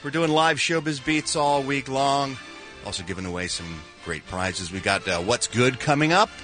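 A man's voice: mid-range voice, animated, normal speed, bright, forceful tone, soft background music. A man hosting a morning radio show, teasing a guest with dry mock praise. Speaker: radio host.

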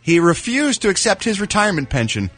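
Man, radio show regular, showbiz news segment, very lively pitch, mock outrage, faint music behind. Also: a little fast, slightly rough. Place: broadcasting remotely by phone or line.

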